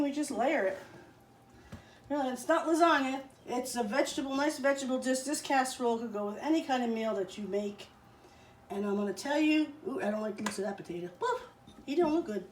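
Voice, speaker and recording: A woman chatting playfully as she cooks in a home kitchen, filling pauses with little nonsense sounds. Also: fairly high pitch, distant mic, slight background noise. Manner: chatty, playful, fills gaps with blah blah and la la. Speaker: home cook. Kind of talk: casual cooking vlog. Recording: roomy sound from off the mic, faint ambience.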